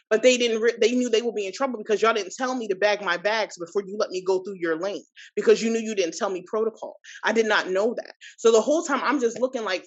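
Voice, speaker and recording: A woman in her thirties, a podcast guest, recounting a personal experience in an animated, indignant way with many asides. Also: mid-range voice, fast talker, few pauses, lo-fi sound. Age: 30s. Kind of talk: personal storytelling.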